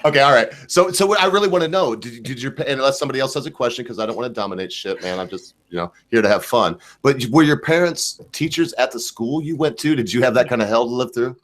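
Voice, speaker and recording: A man's voice: medium pitch, fast, hardly any pauses, fairly bright tone. A man hosting a live online talk show, pushy and joking with his guests. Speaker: host. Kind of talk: casual live show chat.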